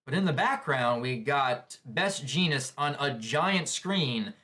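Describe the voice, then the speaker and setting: A man giving casual anime reaction commentary, excitable, often chuckling and thinking aloud with questions. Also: mid-range voice, slow.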